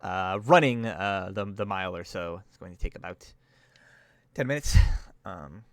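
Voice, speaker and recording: A man's voice: low-pitched, moderate pace, fairly bright tone, no room sound, clean studio sound. A man narrating as game master, loose and full of fillers.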